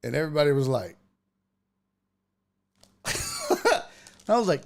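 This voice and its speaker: A man hosting a podcast, telling a story in casual chat, swearing freely and building to loud rants. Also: a little high, a little slow, creaky, long pauses. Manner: profane, animated, rising to loud rants. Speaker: podcast host.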